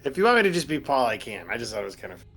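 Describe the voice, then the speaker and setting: A man's voice: mid-range voice, big pitch swings, racing, fairly bright tone. A man playing in a tabletop game, chatting casually and asking curious questions. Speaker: player.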